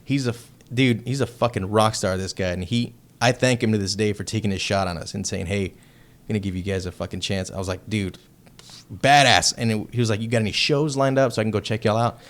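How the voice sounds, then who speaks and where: A man from Texas, a heavy metal band member, telling a story as a podcast guest in a loose, profane and excitable way. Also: on the low side, fast. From Texas, United States. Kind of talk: casual storytelling chat.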